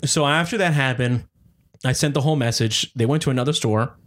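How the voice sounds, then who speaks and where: A man's voice: medium pitch, a little fast, a bit bright. A man casually telling a profane story from his job as a store manager. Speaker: video game store manager.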